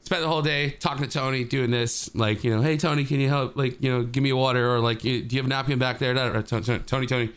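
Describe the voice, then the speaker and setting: A man's voice: medium pitch, fast talker, hardly any pauses, clear, resonant tone. A man co-hosting a podcast, telling a rambling story in casual chat and acting out the quotes. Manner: animated, rambling storyteller who acts out quotes.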